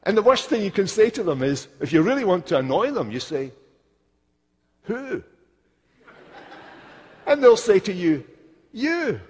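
A man preaching a sermon, slow and emphatic, stressing key phrases. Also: high-pitched, big pitch swings, darkish tone, husky. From Scotland. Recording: long hall reverb.

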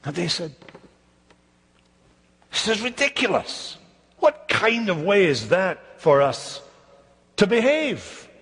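Scottish man preaching, husky voice. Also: high-pitched, long reverb tail. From Scotland. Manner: emphatic, repeats words for effect, mimics mocking voices. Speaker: pastor. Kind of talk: sermon. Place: church.

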